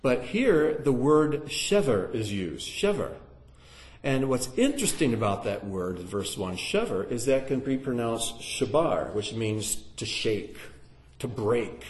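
A man's voice: medium pitch, a little slow. A man teaching a Bible lesson to a live audience in sermon style, putting questions to the listeners. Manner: animated, asks the audience questions. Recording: echoey room.

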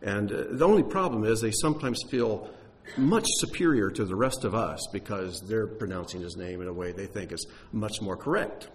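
A man's voice: fairly low pitch, normal speed. A man teaching on Bible texts, explaining in a conversational way with occasional fillers.

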